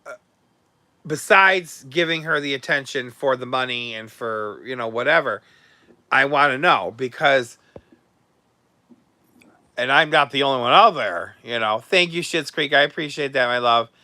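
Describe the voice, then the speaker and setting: A man's voice: mid-range voice, animated, moderate pace, long pauses, sharp tone, no room sound. Blunt, sarcastic male gossip host. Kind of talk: casual livestream chat.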